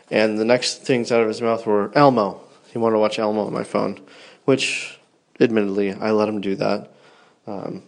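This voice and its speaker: Tired, rambling man recording for his wife. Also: on the low side. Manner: rambling, tender, yawning. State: tired, yawning. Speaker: podcast host. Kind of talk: personal audio diary to his wife.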